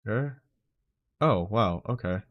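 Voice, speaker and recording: A man's voice: fairly low pitch, lively intonation, measured pace, lo-fi sound. Frustrated streamer man muttering. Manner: frustrated, swearing, muttering to himself. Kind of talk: live stream setup chatter.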